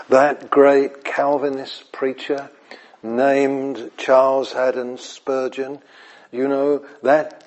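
An evening sermon from a man whose mid-range voice carries a faint hiss or hum. Animated throughout, he repeats phrases for emphasis and sinks to near-whispers, chuckling and asking if what he says makes sense.

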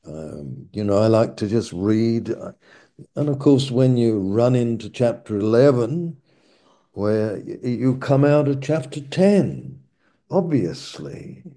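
A man delivers a sermon at a very slow, deliberate pace, leaning on repeated phrases for emphasis. His voice has a mellow, dark tone. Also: medium pitch, big pitch swings. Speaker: preacher.

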